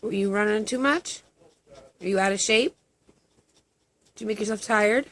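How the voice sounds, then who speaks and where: A woman's voice: mid-range voice, moderate pace, fairly bright tone. A woman at home talking baby talk to her cats in a casual, cooing way. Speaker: vlogger, pet owner.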